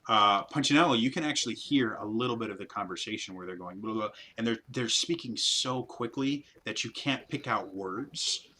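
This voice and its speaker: A man's voice: fairly low pitch, a little fast, few pauses, bright, forceful tone, a little hiss or hum, low-quality recording. A man narrating a tabletop game as game master, rambling with many fillers.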